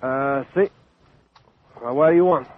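A man on a phone call who talks haltingly and then curses furiously at the caller. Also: mid-range voice. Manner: hesitant then cursing furiously. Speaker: prank call target. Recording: tinny phone line.

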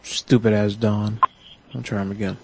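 A man's voice: lowish voice, level tone, moderate pace, vocal fry, background noise. A man hosting a casual talk radio show, sick and rambling through profane stories. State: sick, congested.

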